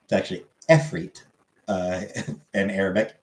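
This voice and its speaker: Male streamer, casual comment chat, halting and filler-heavy, mid-pitched, roomy sound. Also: darkish tone. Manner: rambling, halting with many fillers.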